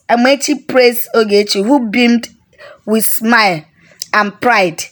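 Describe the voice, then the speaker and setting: A woman with a Nigerian accent telling a story aloud. Her voice sits fairly high, and she reads in a steady, plain narrating manner. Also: a little slow.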